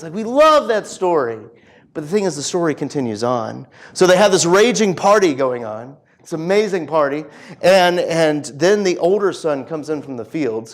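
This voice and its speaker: A man preaching a casual, conversational sermon in church, retelling a story with lively acted-out dialogue and lots of chatty fillers. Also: on the high side. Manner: animated storytelling, acting out characters' lines, chatty fillers.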